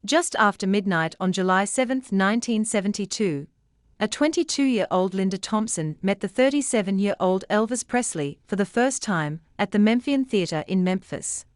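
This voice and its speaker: A woman reading scripted documentary narration in a measured, even way. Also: mid-range voice, smooth, dry recording, studio quality.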